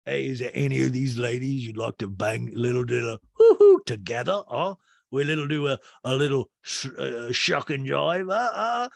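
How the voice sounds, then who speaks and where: A man's voice: mid-range voice, very animated, creaky, dry recording, studio quality. A man putting on a smarmy old gent. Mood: leering. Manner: drawn-out, leering delivery. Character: pompous older British man, smarmy and lewd.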